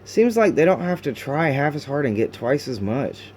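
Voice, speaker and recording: A man recording a confessional video diary at home, talking in halting, raw bursts with many restarts and fillers, frustrated and sometimes cursing. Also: a little high, very animated, darkish tone, a little hiss or hum. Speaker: video diarist.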